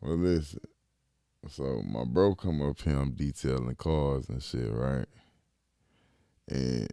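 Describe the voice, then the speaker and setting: Deep gravelly guy telling a funny story, laughs a lot, dry close sound. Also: slow, no echo. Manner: animated, laughs often, swears freely, quotes friends in raised voice. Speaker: podcast co-host. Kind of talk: casual storytelling chat.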